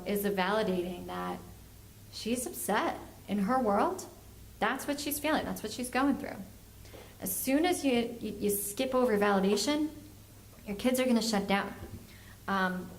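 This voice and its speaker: A woman's voice: mid-range voice, a little hiss or hum. A woman, a family therapist, giving a workshop lecture and acting out the parents and kids she quotes. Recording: echoey room, faint ambience.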